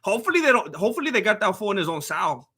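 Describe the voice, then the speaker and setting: The young streamer's high, husky voice is sing-song, rapid-fire, pushed, and bright as he gives casual fight commentary. He rambles, cracks jokes, and keeps interrupting himself mid-sentence.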